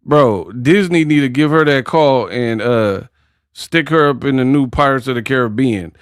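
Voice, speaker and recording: A man hosting a boxing livestream, ranting in an animated, mocking, slangy way. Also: medium pitch, normal speed, smooth, no room sound, clean studio sound. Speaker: boxing commentary livestream host. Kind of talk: casual livestream rant.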